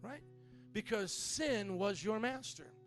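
A man's voice: high-pitched, animated, slow pace, faint music behind. A man preaching a sermon as pastor, repeating key lines and calling on the congregation to respond. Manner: repetitive preaching with call-and-response.

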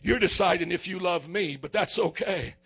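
A male preacher giving a sermon, emphatic and questioning the congregation, swinging between shouts and quiet passages. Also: sits high, normal speed, vocal fry, husky.

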